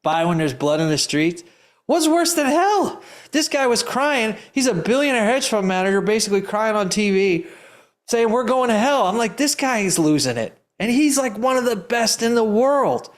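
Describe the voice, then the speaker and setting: A man's voice: high-pitched, very animated, normal speed. A man who teaches investing, answering audience questions live in an emphatic, rambling storytelling way, often laughing. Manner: rambling, restarts sentences often. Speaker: investing educator.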